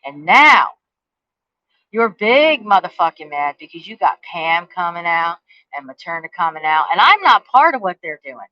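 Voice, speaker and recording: A woman's voice: medium pitch, bright, forceful tone, dry recording. A woman who rants straight at the camera, cursing hard and throwing out taunting questions. Her voice sits mid-range for a woman, and the sound is dry and a little dull, as from a cheap home mic. She is defiant and never lets up. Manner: profane and confrontational, heavy cursing. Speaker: vlogger. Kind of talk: angry rant to the camera.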